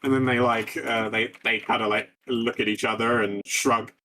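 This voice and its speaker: A man's voice: mid-range voice, flat delivery, moderate pace, bright, forceful tone, a little hiss or hum. Rambling male game master. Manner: rambling, with many fillers and restarts. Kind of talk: narrating a tabletop game.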